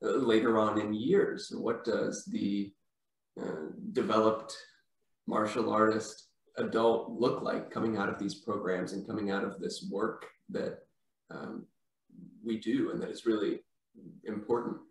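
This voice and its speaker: A man's voice: fairly low pitch, steady tone, a little slow. A man hosting a podcast who asks long, thoughtful, searching questions. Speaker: podcast host. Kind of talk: casual podcast interview. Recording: echoey room, distant from mic.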